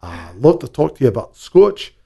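A man's voice: medium pitch, big pitch swings, moderate pace, vocal fry, warm tone, husky, heavily acted. A man putting on a fake Scottish accent as a polite, welcoming whisky ambassador addressing an audience.

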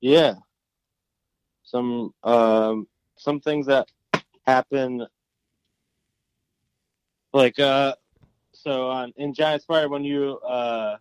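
A man's voice: medium pitch, fairly even intonation, very slow, pauses often, clean tone, dry recording, highs cut off. A young man in casual podcast chat, rambling and filling his talk with "like". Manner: rambling, filler-heavy with lots of "like". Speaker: podcast co-host.

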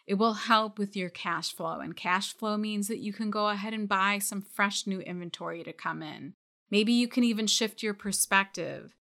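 A retail business coach speaks on a coaching podcast, addressing shop owners directly and encouragingly while calling listeners out when needed. Her voice is medium-pitched, creaky and a bit bright, at a normal speed.

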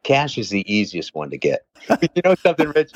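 A man's voice: fairly low pitch, wildly swooping pitch, fairly quick, dry recording. An older man, a fitness trainer, chatting as a guest in a rambling, jokey, profane way. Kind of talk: casual chat. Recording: slightly dull lo-fi sound.

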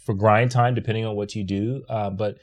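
A man co-hosting a podcast in casual, relaxed chat, pausing with fillers. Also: on the low side. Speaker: podcast co-host.

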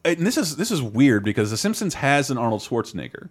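A man hosting a podcast in casual, animated chat, swearing now and then. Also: mid-range voice, quick pace. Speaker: podcast host.

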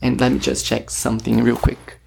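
Rambling man with a gravelly fry. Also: mid-range voice, flat delivery, moderate pace, background noise. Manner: rambling, filler-heavy, retells talks with quoted dialogue. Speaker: vlogger. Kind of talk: casual storytelling monologue. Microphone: self-recorded camera or phone.

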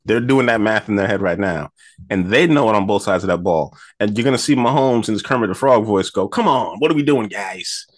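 A man's voice: fairly low pitch, a little fast, no echo, studio quality. A man co-hosting a sports betting podcast, giving confident, analytical football picks in casual talk.

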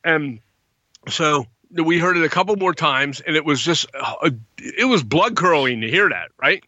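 A man's voice: on the high side, measured pace, no echo, muffled recording. A man telling a story in casual chat, acting out quotes in a raised voice. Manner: animated, acts out quotes in a raised voice.

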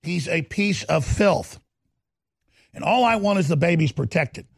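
A man's voice: on the high side, lively intonation, measured pace, gravelly, husky, no echo, studio quality. A middle-aged man hosting a talk radio show, ranting fervently and combatively and hammering points through repetition between ad reads.

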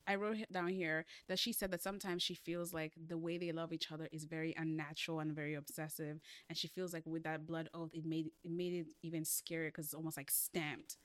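A woman co-hosting a casual book discussion podcast, animated and laughing often, with playful asides. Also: low voice, normal speed, clean tone, dry recording.

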